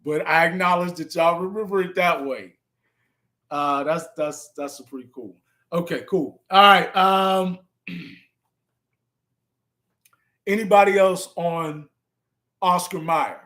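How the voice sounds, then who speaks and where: A man's voice: high-pitched, unhurried, pushed and bright. A man hosting a live stream in a casual, laid-back way, chuckling often and spelling words out letter by letter as he chats with viewers.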